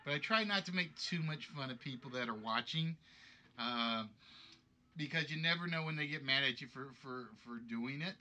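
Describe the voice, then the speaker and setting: A man's voice: mid-range voice, moderate pace, sharp tone. A man hosting a live-streamed game show from home, thinking aloud and rambling as he chats. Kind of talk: casual live-stream chat.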